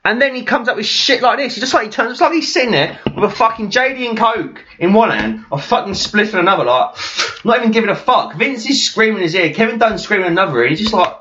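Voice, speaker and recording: A man's voice: high voice, expressive, fast, hardly any pauses, pushed and bright, lo-fi sound. Profane ranting man. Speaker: podcast co-host. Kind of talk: casual chat.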